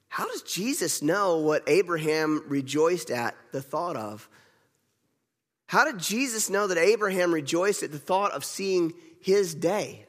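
A man with a slightly high voice preaches a sermon. He tells it in a conversational, animated way and laughs now and then. His voice carries a long reverb. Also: normal speed.

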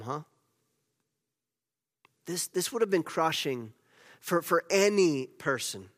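Preacher in a reverberant hall, high-ish voice. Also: male voice, animated, slow pace, long pauses. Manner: storytelling preacher, swings from loud emphasis to hushed near-whisper. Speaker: pastor. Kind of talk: sermon.

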